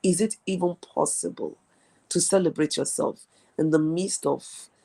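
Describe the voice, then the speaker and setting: Gravelly-voiced woman giving a pep talk. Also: low-pitched, measured pace, warm tone. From Nigeria. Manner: earnest, repeats key phrases for emphasis. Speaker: host. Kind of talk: motivational live-stream talk.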